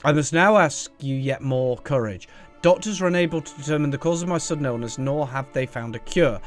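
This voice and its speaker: A man's voice: on the high side, a little fast, close to an everyday voice. Guy putting on a dying old professor, solemn, formal, fake vague foreign accent, faint game music. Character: dying old male professor writing a farewell letter.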